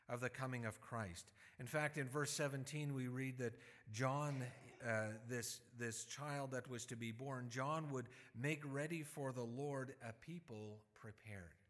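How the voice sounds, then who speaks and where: Guy pastor preaching, chatty with lots of uhs and restarts, mid pitch, echoey hall. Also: a bit bright. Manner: conversational preaching with fillers and restarts, acting out quotes. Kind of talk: sermon. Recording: long hall reverb.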